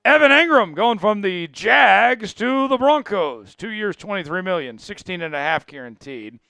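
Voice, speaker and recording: A fairly high-voiced man with a gravelly edge hosts a live sports news stream. He runs through item after item bluntly and with strong opinions, sounding worn out after hours on air. His voice is bright and clean over a dry, close mic. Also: expressive, normal speed, no echo. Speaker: sports show host.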